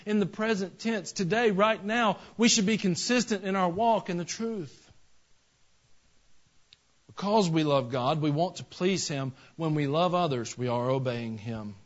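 A man's voice: high-pitched, a little slow, lo-fi sound. A male pastor preaching a sermon in a folksy, conversational way that builds into emphatic passages.

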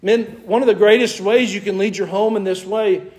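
A man's voice: sits high, fairly even intonation, moderate pace, darkish tone. A middle-aged man preaching a sermon as pastor, talking conversationally, with self-deprecating humor and emphatic exhortations.

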